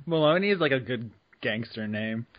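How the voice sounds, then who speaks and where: A man's voice: medium pitch, lively intonation, normal speed, dry recording. A man joining a podcast chat with wry, joking remarks. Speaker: podcast co-host. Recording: dull lo-fi, dry.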